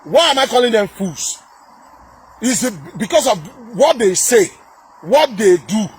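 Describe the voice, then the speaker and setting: Here the same kind of video commentator, a Nigerian-accented man from southern Nigeria, has a high, sing-song voice with a breathy edge and an unhurried pace. He rants hotly about politics, scornful and repetitive, stumbling through many fillers and restarts.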